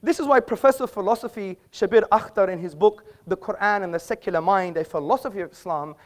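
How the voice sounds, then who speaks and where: A man's voice: high-pitched, fast. A man making an assertive speech in a live public debate in an auditorium, quipping at the audience and quoting from books. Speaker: debate speaker.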